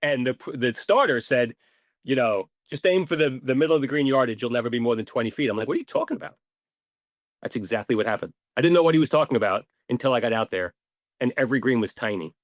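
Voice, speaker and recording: Animated man telling a story, dry sound. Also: mid-range voice, fast talker, no echo. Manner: animated, swears casually, acts out quotes. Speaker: podcast guest, ball marker maker. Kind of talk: casual storytelling interview.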